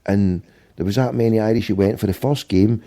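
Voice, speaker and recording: Gravelly, dark-voiced Scottish man telling a story. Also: lowish voice, brisk. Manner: swearing, rambling anecdote with acted-out quotes. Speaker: podcast host. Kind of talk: casual storytelling chat.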